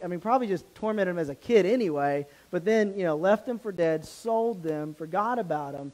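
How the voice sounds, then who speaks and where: A man with a higher-than-usual voice delivers a sermon in a church. He tells the story casually and with animation, stumbling and restarting as he goes. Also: animated, fairly quick, hardly any pauses, darkish tone, poor audio. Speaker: pastor.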